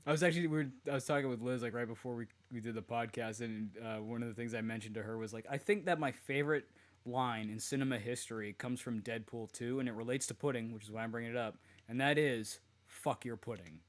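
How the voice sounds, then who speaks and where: A man's voice: medium pitch, quick pace. A man co-hosting a podcast in casual chat, laughing often and swearing easily. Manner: laughs a lot, profane, relaxed. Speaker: podcast co-host.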